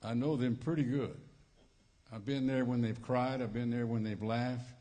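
A man's voice: mid-range voice, steady tone, moderate pace, mellow. A man with a Cajun accent from Louisiana preaching a sermon as a visiting preacher, folksy and joking, repeating his phrases, on a church microphone. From Louisiana Cajun country. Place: church sanctuary. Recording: reverberant church hall.

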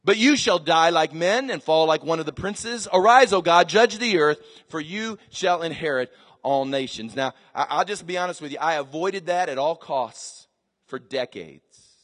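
High-voiced preacher man in echoing hall. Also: lively intonation, moderate pace. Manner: dramatic swings from quiet asides to shouted scripture. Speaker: pastor. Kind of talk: sermon. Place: large church hall with live congregation. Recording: church sermon recording with long reverb.

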